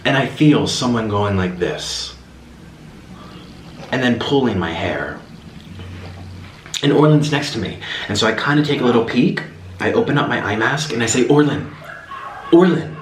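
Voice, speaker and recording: A man vlogging a casual story while he eats, rambling and animated, with lots of restarts. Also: medium pitch, normal speed, pauses often. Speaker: mukbang vlogger. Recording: roomy echo, faint background hiss.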